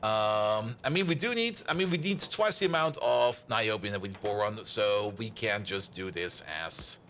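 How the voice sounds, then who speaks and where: A man's voice: on the low side, expressive, normal speed, bright, forceful tone, a little hiss or hum. A man with a German accent chatting and laughing through a game stream. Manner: rambling, laughs often, talks to chat. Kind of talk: casual gaming commentary.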